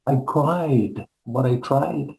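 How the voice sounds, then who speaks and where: An older man from the Caribbean reads his poetry slowly, with a dark, mellow tone. Every line comes out measured and deliberate. His voice rings a little in an echoey room, heard over a video call. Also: medium pitch, gravelly. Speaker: guest poet. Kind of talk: poetry reading.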